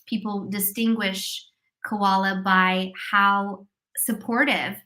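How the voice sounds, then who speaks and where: Woman host on a video call, bright clear voice, super upbeat and gushing. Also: medium pitch, level tone, slow. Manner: upbeat, effusive, many thanks and praise. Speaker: host of teacher business coaching live stream. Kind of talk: live-stream interview.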